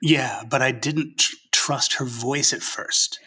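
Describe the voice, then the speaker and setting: A man talks as a guest novelist in a casual interview, earnest and passionate. He thinks aloud as he goes. His voice is husky and bright. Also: mid-range voice, slow.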